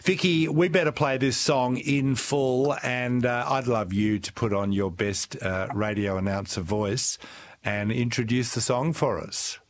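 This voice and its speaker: A man hosts a radio show, upbeat and encouraging as he chats with his guest. His voice sits at an average pitch for a man. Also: unhurried. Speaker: radio host. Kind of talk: casual radio chat.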